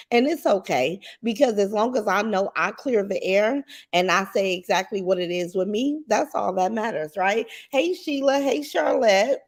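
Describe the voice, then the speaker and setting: A woman hosting her own livestream, greeting viewers in the chat one by one in a sing-song lilt, then chatting loosely about her day with plenty of ums. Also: mid-range voice. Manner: relaxed, rambling chat with many ums. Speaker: livestream host.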